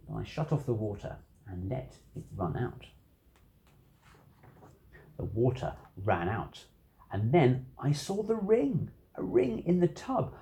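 A reader narrating a children's rhyming picture book aloud, expressive and rhythmic. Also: mid-range voice, slow, creaky. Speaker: storybook reader.

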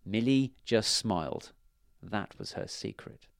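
Animated man reading children's stories. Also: fairly low pitch, slow pace, gravelly, no echo, clean studio sound. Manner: lively, expressive storytelling. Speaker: storyteller.

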